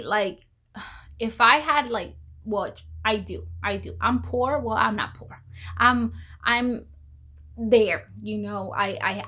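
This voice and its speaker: A woman's voice: medium pitch, sharp tone. A woman vlogging casual commentary, rambling, repeating herself and exclaiming as she goes.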